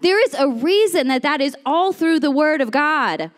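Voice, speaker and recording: A young woman giving a chatty, animated sermon, telling a story and acting out the voices in it. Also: high voice, normal speed, in a large hall. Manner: lively, chatty, acts out voices in her story. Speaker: speaker at a women's church series.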